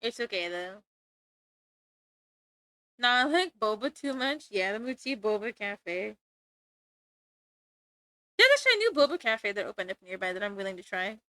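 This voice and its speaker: A woman's voice: on the high side, sharp tone, dry recording. A young woman streamer chatting casually while drawing, rambling and giggling, with casual swearing.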